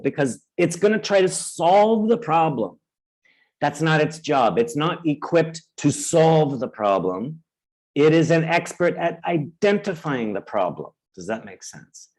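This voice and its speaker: A man presenting a webinar who acts out inner voices with sudden high cries and keeps checking in with his audience. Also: animated, normal speed, poor audio. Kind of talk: webinar teaching.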